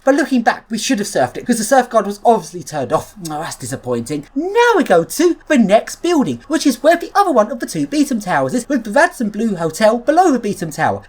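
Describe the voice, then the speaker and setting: A woman giving excitable, detailed commentary while exploring buildings and lift shafts for her vlog. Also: on the high side. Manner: excitable, lively, gets carried away with lift details. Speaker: vlogger exploring lifts. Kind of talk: enthusiastic technical commentary.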